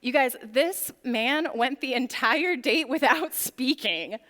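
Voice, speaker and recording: A young woman with a high voice talks casually to a church youth group, telling stories in a chatty way and filling her speech with "like." Her voice rings with a long reverb, as in a large hall. It is a relaxed, conversational youth talk, not a formal sermon. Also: slow pace. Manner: chatty storytelling full of "like" fillers. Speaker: youth ministry speaker.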